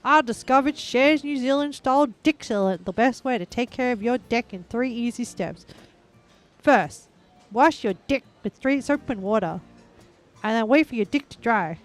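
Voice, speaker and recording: A brash, overexcited pitchwoman, as a woman puts her on, pushing her product with loud, emphatic infomercial delivery. The voice sits high and bright. Faint music plays underneath. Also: expressive, normal speed, lightly acted. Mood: hammy salesy. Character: overexcited woman hawking deck sealant in an ad.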